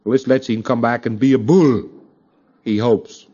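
A man giving a conversational recorded lecture, often turning to his listeners with quick asides. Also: medium pitch, steady tone, dark tone, husky, dull audio. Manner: conversational, with frequent asides to the audience.

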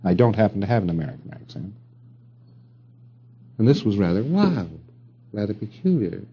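A man's voice: fairly low pitch, very animated, moderate pace, slightly rough, dull audio. A middle-aged man giving a rambling lecture to an audience, with wry asides and rhetorical questions.

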